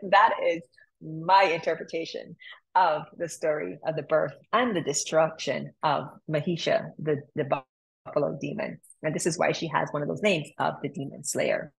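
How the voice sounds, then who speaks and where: A woman's voice: sits low, fairly even intonation, normal speed, gravelly, breathy edge, poor audio. A woman yoga teacher telling a story in a chatty, casual way, laughing often, then guiding a practice.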